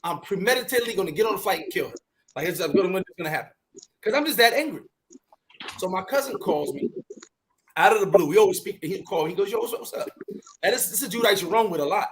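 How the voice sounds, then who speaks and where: Male talk host, high voice, animated storyteller, light background hiss. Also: fast, poor audio. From New York. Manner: animated, acts out his own shouting and repeats words. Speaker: podcast host. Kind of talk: storytelling in casual chat.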